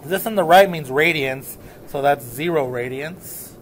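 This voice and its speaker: In a recorded lesson, a man with a slightly high voice works through math notes in a loose, casual teaching style, a little slowly. He keeps checking that the class is following along, and a faint hiss sits beneath his voice.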